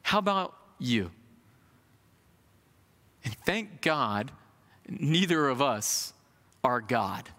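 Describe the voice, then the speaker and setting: A man in his thirties preaching a sermon in an animated, conversational way, with folksy asides. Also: fairly high pitch, long reverb tail.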